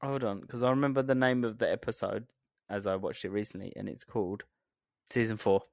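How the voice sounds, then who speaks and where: A man's voice: on the low side, steady tone, a little fast, creaky, no echo, clean studio sound. A man co-hosting a podcast in casual chat, laughing often and swearing freely. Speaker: podcast co-host.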